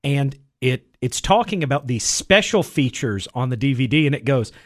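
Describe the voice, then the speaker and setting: A man's voice: mid-range voice, animated, normal speed. A man co-hosting a casual chat about films, rambling with lots of fillers and restarts.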